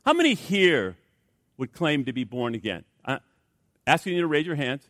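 A man's voice: on the high side, very animated, normal speed, fairly bright tone, no room sound, studio quality. A man preaching a sermon as pastor, chatty and humorous, with many fillers and restarts.

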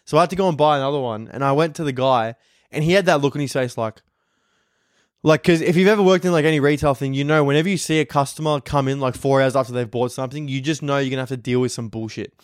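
Brief: twenties Aussie bloke, sweary rambling podcast host, mid-pitched voice, close dry mic. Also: male voice, fast, no room sound. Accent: Australian. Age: 20s. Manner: profane, rambling storyteller who acts out others' lines. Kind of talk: casual solo podcast chat.

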